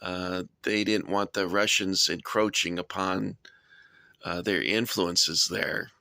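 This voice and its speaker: A man's voice: deep voice, fairly even intonation, slow pace, gravelly, pushed and bright, dry recording, studio quality. A middle-aged man hosting a casual vlog, rambling and self-deprecating as he shows off his toy soldier collection. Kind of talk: casual show-and-tell vlog.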